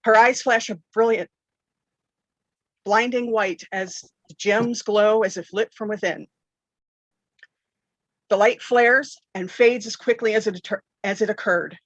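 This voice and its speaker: A woman game master narrating a tabletop game with dramatic storytelling, often clearing her throat and correcting herself. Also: medium pitch, fairly bright tone, no echo, low-quality recording.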